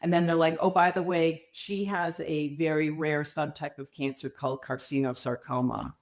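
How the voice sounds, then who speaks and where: Middle-aged woman guest telling her story, lowish voice, acts out the quotes. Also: normal speed. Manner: animated, acts out quoted dialogue. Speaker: podcast guest. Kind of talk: candid storytelling interview.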